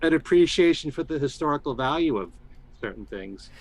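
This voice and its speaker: A man in casual conversation, calmly relating a story about his wife's trip. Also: a little high, brisk. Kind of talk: casual chat.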